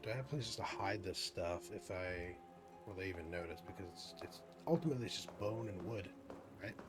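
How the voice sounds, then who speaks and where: Low-voiced man thinking aloud over gameplay. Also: fairly quick, over music. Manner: thinking aloud, chatty, self-mocking. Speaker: gaming video host. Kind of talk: gameplay commentary.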